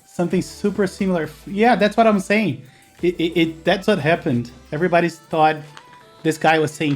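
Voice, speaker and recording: A man's voice: fairly high pitch, brisk, faint music behind. Chatty Brazilian man streaming a build. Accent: Brazilian Portuguese. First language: Portuguese. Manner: chatty, laughs often, answers chat while working. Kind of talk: casual live-stream chat.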